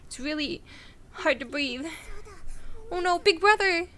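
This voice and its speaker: A woman's voice: very high-pitched, expressive, a little slow, bright, forceful tone, voice pushed up, full character voice. A woman voicing a frightened little schoolgirl who whimpers and pleads as she searches for her brother. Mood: panicked.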